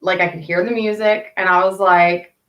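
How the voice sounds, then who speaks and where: A woman's voice: on the low side, steady tone, moderate pace, fairly bright tone, echoey room, dull audio. A woman telling candid stories to her live viewers in a rambling, casual way, swearing freely. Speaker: live streamer chatting with viewers. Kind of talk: casual storytelling to a live chat.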